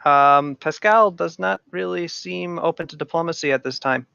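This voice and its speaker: A man running a tabletop game as game master over a voice call, narrating in a relaxed, wry way. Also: on the high side, moderate pace, creaky, clean tone, dry recording, muffled recording.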